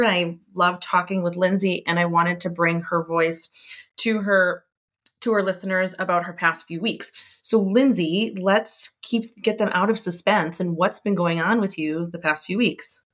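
A woman's voice: fairly low pitch, a bit bright. A middle-aged woman taking over a podcast as interviewer, chatting in a friendly, upbeat way. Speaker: guest interviewer. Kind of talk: casual chat.

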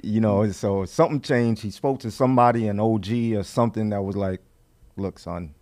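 A man's voice: on the low side, steady tone, a little fast, a little mellow. A man co-hosting a sports podcast, talking casually and agreeing easily. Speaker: podcast co-host.

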